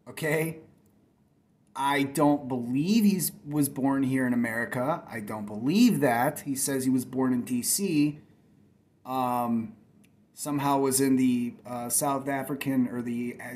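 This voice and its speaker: A man hosting his own channel, answering a critic with heated, profane commentary. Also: mid-range voice. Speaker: channel host. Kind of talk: reaction commentary.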